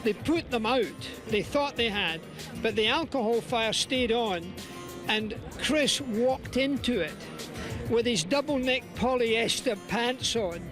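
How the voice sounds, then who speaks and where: An older Scottish man tells a lively story in an unusually high voice. Music plays clearly in the background behind his speech. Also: slow. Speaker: racing broadcaster, guest.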